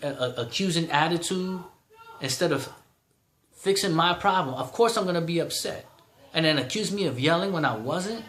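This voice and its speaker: A man's voice: on the high side, fairly bright tone, echoey room. A man in his thirties ranting in a vlog, heated and exasperated, repeating himself. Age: 30s. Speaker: vlogger.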